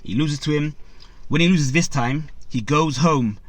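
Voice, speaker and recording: A man's voice: fairly high pitch, unhurried, no room sound. Man casually retelling a story, dry sound. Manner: retells a story with many fillers, acts out quotes, addresses viewers. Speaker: boxing channel host.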